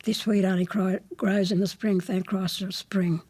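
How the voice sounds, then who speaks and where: A woman in her seventies, Australian-accented, gives an interview about growing up, speaking plainly and bluntly with dry defiance. Her mid-range voice is mellow and slightly rough, with little pitch movement. She goes at a moderate pace.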